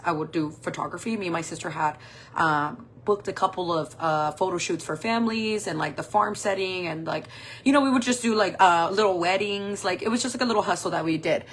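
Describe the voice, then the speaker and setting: A woman in her forties chats casually through her makeup routine, telling a story in an animated way. She swears often and acts out the voices of the people in it. There is faint noise in the background. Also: on the low side. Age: 40s. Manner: animated, swearing, acting out quoted dialogue. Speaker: makeup vlogger.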